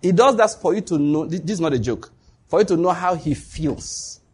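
A man preaching a sermon, telling stories with lively acted-out dialogue and frequent laughter. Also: a little high, moderate pace, slightly rough. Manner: animated storytelling, laughs often, acts out dialogue.

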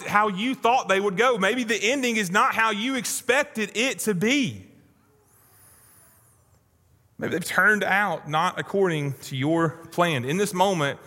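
A man preaching a sermon as pastor, earnest and pleading, swinging from soft, low lines to urgent ones. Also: long reverb tail.

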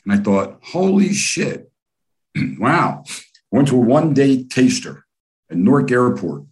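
An older man from the United States telling long, profane, rambling stories as an interview guest. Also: fairly low pitch. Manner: profane, rambling, animated storyteller. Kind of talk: casual storytelling interview.

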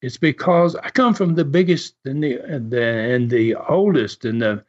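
A man's voice: medium pitch, moderate pace. An older man hosting his own podcast, telling a long story in a rambling way with lots of fillers and restarts. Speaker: podcast host. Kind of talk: casual storytelling monologue. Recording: dull lo-fi recording.

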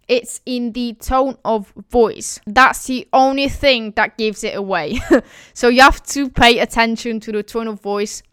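A woman's voice: a little high, a bit bright, clean tone, dry recording, clean studio sound. A woman from Italy, a native Italian speaker, explaining her language in English with an Italian accent. She talks in a chatty, giggly way and often restarts her sentences. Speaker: language vlogger. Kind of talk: casual explainer.

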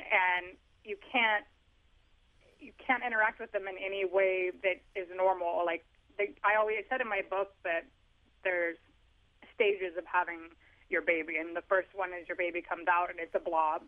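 He sits high in pitch, keeps his intonation fairly even, and talks at a moderate pace. This author guest, heard on a tinny phone line, swaps humorous parenting stories at his own expense in a relaxed phone interview.

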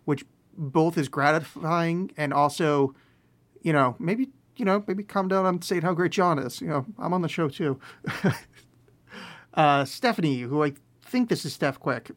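Male podcast host with a somewhat high voice, rambling solo monologue with self-deprecating, deadpan sarcasm. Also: unhurried. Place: home room with bookshelf.

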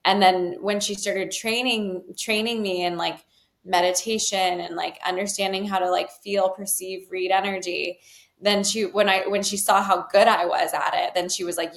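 A woman's voice: mid-range voice, fairly even intonation, normal speed, a bit bright. A woman telling her personal story in an interview, talking loosely with many fillers and restarts. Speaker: guest, healer. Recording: roomy echo.

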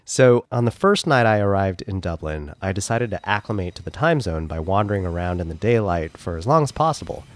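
A man's voice: deep voice, animated, fairly quick, hardly any pauses, dry recording. A man with a stuffed-up nose from a cold, telling travel and food stories in a casual chat with his co-host. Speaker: podcast co-host.

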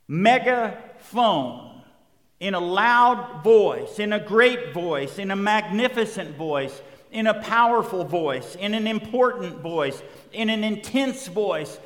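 A man with a high voice delivers a sermon in steady, emphatic refrains that swell toward loud peaks. His words ring out with a long reverb trailing behind them, as if he is speaking in a large hall. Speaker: pastor.

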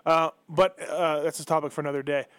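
Male podcast host, slightly high voice, laid-back and chatty, dry sound. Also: fairly even intonation, brisk, a bit bright, smooth, no echo. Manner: easygoing, asks questions, frequent "yeah". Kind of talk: casual chat.

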